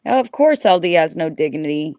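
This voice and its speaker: A woman's voice: sits low, animated, brisk, a little mellow, dry recording, highs cut off. A middle-aged woman hosting a livestream, ranting at her chat in an angry, profane, repetitive way. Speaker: livestream host.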